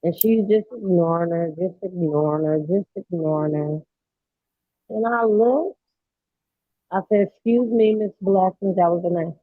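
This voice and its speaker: A woman's voice: lowish voice, unhurried, long pauses, no room sound. Woman, mother, emphatic casual chat, thin phone-like sound, dry.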